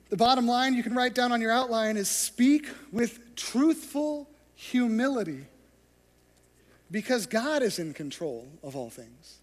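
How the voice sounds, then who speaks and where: A man preaching a sermon as pastor, telling stories and acting out the scenes. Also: high voice. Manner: storytelling, acts out scenes. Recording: long hall reverb.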